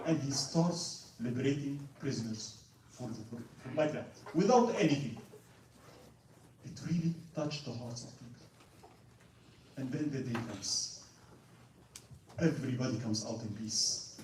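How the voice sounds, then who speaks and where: A man giving an animated religious history lecture, acting out quotes and asking "right?". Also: medium pitch, measured pace, pauses often. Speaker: Islamic lecturer. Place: large mosque hall. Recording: echoey hall, distant mic, faint noise.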